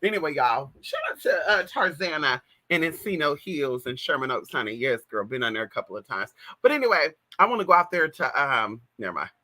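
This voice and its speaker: Animated trans woman spilling gossip. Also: low-pitched, a little fast, few pauses. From California. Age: 30s. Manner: gossipy, animated, full of "girl" and "y'all" asides. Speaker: livestream host. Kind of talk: casual storytelling livestream. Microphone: plug-in mic on a live stream.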